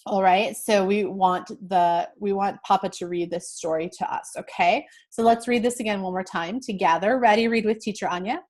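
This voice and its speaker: A woman teacher slowly reading a picture book with young learners, explaining words and checking in often with "okay?". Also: medium pitch, steady tone, a little mellow. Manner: slow, clear, checks in with frequent "okay?".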